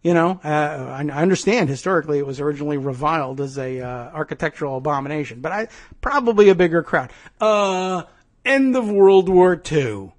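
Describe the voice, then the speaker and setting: Man, podcast host, political commentary, sarcastic rant, somewhat high voice. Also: animated, fairly quick. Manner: sarcastic, ranting.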